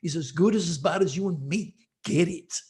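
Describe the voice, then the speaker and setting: A man's voice: on the high side, moderate pace, a little mellow. A man hosting his own channel as an astrologer, speaking in an emphatic, repetitive monologue that scolds his listeners.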